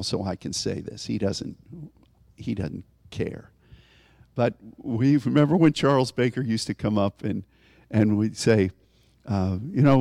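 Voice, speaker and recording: A man preaching a conversational sermon, often rising in pitch for emphasis as he explains a scripture. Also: creaky, a little mellow, no room sound, studio quality.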